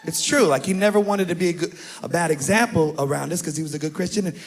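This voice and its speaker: A young man doing a stand-up comedy set on a club stage, talking animatedly and shouting out impressions of his family. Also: on the high side, fast talker, slight background noise. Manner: animated, shouts and mimics family members in punchlines.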